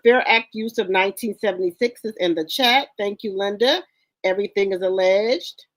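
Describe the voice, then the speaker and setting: A woman hosting a casual livestream, greeting viewers by name in an informal, repetitive, chatty way, with features. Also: medium pitch. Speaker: livestream host.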